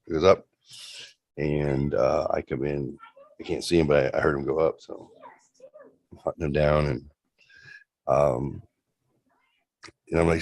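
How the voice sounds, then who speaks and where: A man's voice: a bass voice, moderate pace, gravelly, long pauses, darkish tone, dry recording. A man telling a rambling spooky story in a casual way, slipping into raised voices for the people in it. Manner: rambling, acts out voices in quotes. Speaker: host retelling a story.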